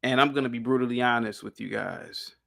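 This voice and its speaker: A man's voice: mid-range voice, fairly quick, gravelly, bright, forceful tone. A man speaking as a guest on a discussion panel, talking emphatically and rambling, with frequent restarts and repeated words. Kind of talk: casual opinionated discussion.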